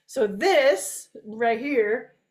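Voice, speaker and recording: High-voiced woman giving chatty film commentary. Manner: chatty, animated, rushing through thoughts. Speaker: director giving commentary on her own documentary. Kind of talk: live video commentary. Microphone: home video stream microphone.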